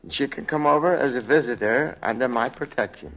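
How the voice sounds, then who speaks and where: An actor playing a folksy older senator who jokes in a slow drawl in a 1940s radio comedy. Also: male voice, mid-range voice, fairly bright tone, close to an everyday voice. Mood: joking. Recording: dull old radio recording.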